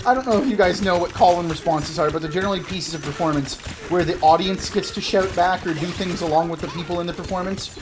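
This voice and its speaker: Background noise accompanies a high-pitched, fast-talking man in his thirties from Canada. As a gaming video host, he mixes casual gameplay commentary with rambling, self-deprecating storytelling.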